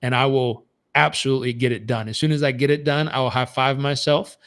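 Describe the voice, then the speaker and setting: A man's voice: mid-range voice, fairly even intonation, a little fast, a bit bright. A man running a live motivational coaching session with an emphatic, repetitive delivery, often stumbling and restarting his sentences. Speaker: performance coach.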